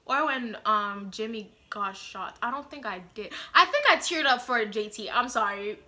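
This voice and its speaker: A woman's voice: fairly high pitch, lively intonation, moderate pace, sharp tone. A young woman vlogger giving blunt, sassy commentary to her viewers, full of slang and "like" and "you know". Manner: sassy, blunt and exaggerated, addresses viewers as y'all. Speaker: vlogger reviewing a TV show. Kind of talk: casual opinionated commentary to camera.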